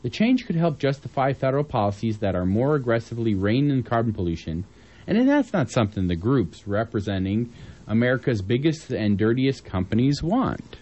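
A man's voice: mid-range voice, sing-song, fairly quick, warm tone, lo-fi sound. A man from southern Illinois co-hosting community radio news, casual and joking, with rambling asides between listings. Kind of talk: casual on-air chat and listings.

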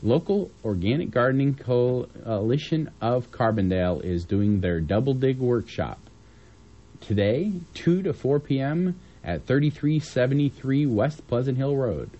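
A man from southern Illinois co-hosts community radio news, casual and joking, rambling in asides between listings. His mid-range voice is mellow, with lively intonation and a measured pace. The recording sounds muffled.

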